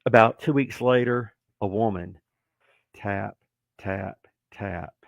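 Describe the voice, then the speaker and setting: A man in his sixties, a former wrestler, telling stories as a podcast guest in a joking, animated way, acting out the people he quotes. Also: on the low side, takes it slowly, creaky, no echo. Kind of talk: casual storytelling.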